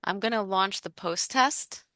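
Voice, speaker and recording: A woman running a video session, talking briskly and reassuringly about logistics. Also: mid-range voice, pushed and bright, no echo, studio quality. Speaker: session facilitator. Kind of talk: casual call logistics.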